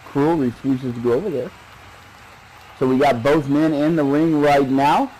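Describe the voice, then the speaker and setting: A man doing play-by-play wrestling commentary, excitable and joking, his voice climbing during the action. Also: medium pitch, measured pace, rough recording.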